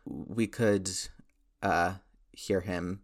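A man voicing an excitable, eager teenage boy who gushes, in a story reading. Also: sits low, drawn-out words, full character voice. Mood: excited.

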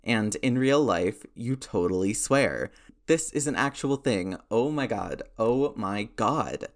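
A man voicing an excitable, eager teenage boy who gushes, in a story reading. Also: lowish voice, slow. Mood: excited.

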